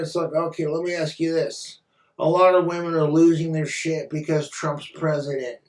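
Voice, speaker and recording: A man rants into the camera, blunt and crude, swearing freely. His voice sits a little high for a man. It echoes around the room and sounds set back from the mic. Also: fairly even intonation, brisk. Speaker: vlogger. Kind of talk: profane casual rant. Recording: roomy echo, far from mic.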